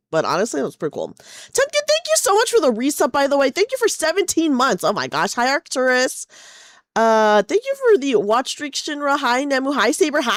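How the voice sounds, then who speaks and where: A woman's voice: on the high side, dry recording, studio quality. Bubbly young woman streamer greeting chat. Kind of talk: casual live-stream chat.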